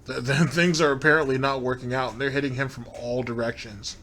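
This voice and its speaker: A man hosting a commentary show talks with sneering sarcasm and frequent laughs. His pitch sits in a middle range for a man. Faint background noise hums behind him. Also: fairly even intonation, brisk, fairly bright tone. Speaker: commentary host. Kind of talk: sarcastic commentary on played clips.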